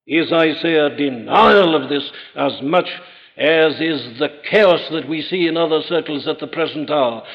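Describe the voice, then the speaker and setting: A man preaching a sermon in an emphatic, rhetorical manner, rising to forceful peaks. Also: a little high. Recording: dull old recording in a large reverberant hall.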